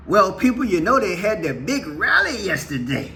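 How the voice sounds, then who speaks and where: A man hosting his own channel, giving casual political commentary with playful, drawn-out exclamations. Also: a little high, wildly swooping pitch, bright, forceful tone, slight background noise. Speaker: channel host.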